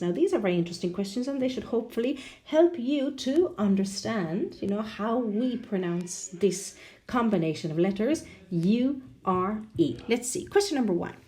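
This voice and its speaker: A woman teaching English pronunciation online. She often tags her sentences with a questioning "no?" and spells out and exaggerates sounds slowly for learners. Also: on the high side, very animated, mellow. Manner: ends many sentences with a questioning "no?".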